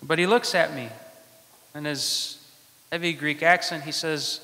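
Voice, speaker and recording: A male priest preaches slowly and deliberately, with dramatic pauses between short phrases. His voice is a little high, steady in tone, with a bright, forceful edge, and the church adds a long, ringing reverb.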